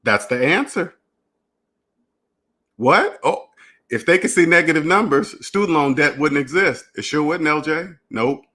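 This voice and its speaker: A man's voice: on the high side, animated, unhurried, pauses often, bright, forceful tone. A man hosting a finance channel, talking in a rambling, repetitive solo monologue and acting out imagined dialogues. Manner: repetitive, restarts phrases, emphatic.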